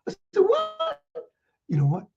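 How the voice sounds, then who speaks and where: A man playing Santa Claus, reading children's letters with a folksy chuckle and many pauses. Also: sits high, lively intonation, gravelly, muffled recording, over music. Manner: chuckling, folksy, halting with fillers.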